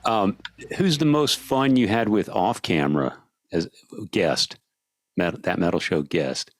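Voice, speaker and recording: A man's voice: deep voice, no echo. A man hosting a podcast, asking questions in a casual, enthusiastic way. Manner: enthusiastic, quick to laugh along. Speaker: podcast host.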